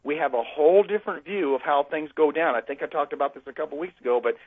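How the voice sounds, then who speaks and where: A man's voice: on the high side, quick pace, breathy edge, no room sound. A man from the United States talking with many fillers and restarts as he tells a long story to a host, heard over a phone line. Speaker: guest speaker. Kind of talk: conversational storytelling.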